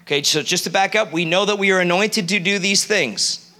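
A male preacher with a high, bright voice that rides up high. He delivers a sermon in a church, animated and throwing questions out to the congregation. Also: a little fast. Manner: animated, quizzes the audience.

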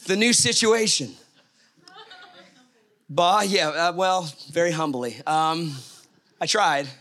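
A middle-aged man telling a personal story in a sermon, with animated asides. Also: high-pitched.

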